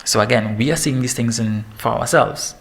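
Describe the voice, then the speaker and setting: A man in his thirties, a fitness trainer giving a lively, joking talk to parents. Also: mid-range voice, moderate pace. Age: 30s. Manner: lively and joking, laughs at himself. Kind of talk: presentation to parents.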